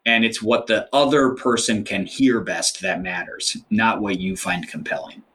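A man's voice: fairly low pitch, a little slow, fairly bright tone. A man as an author guest in an interview, explaining ideas thoughtfully with frequent fillers. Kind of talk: interview conversation.

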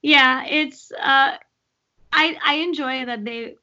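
A young woman chatting casually about a movie, animated and full of fillers. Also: sits high, slow. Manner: animated, lots of fillers and laughter. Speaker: co-host discussing a movie. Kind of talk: casual chat. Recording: dull lo-fi sound.

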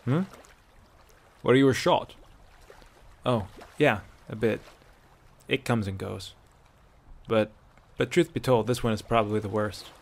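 A man's voice: lowish voice, measured pace, gravelly, pauses often. A man voicing a young male hunter with a dry, wry way of talking.

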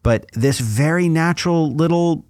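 A man's voice: on the high side, measured pace, a little mellow, no room sound, studio quality. A man co-hosting a podcast, talking things over in casual discussion with thoughtful, hesitant restarts. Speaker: podcast co-host.

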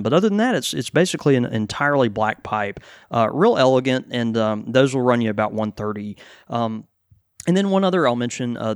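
Co-host, male, mid pitch, halting delivery full of ums, dry close mic. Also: clean tone, no echo. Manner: halting, many fillers and restarts. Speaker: pipe shop co-host. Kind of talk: casual podcast chat.

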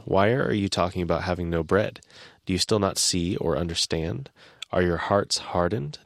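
A man co-hosting a podcast, reading scripture aloud in a steady, even way and chatting casually. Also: sits low, dry recording, studio quality. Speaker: podcast co-host.

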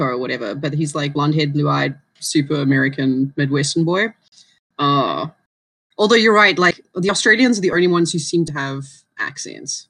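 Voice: medium pitch, expressive, normal speed, fairly bright tone, dry recording. A podcast co-host in casual chat, musing tentatively and hedging ideas.

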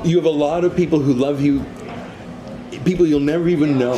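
A man's voice: on the high side, fairly even intonation, a little fast, noisy background. A man interviewing a guest, speaking earnestly and sincerely, urging him to take care.

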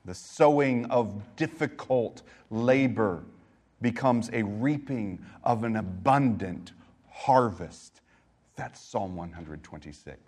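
A middle-aged man preaching a sermon as pastor, telling a personal story and moving between quiet reflection and emphatic exhortation. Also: lowish voice, lively intonation, slow.

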